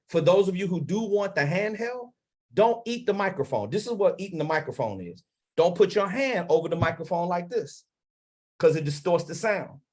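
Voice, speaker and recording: Coaching public speakers over a livestream, this man from Maryland, United States, speaks at a fairly high pitch in a blunt, emphatic way. Dramatic pauses and sudden shifts from quiet to loud mark his delivery, captured on a lavalier mic.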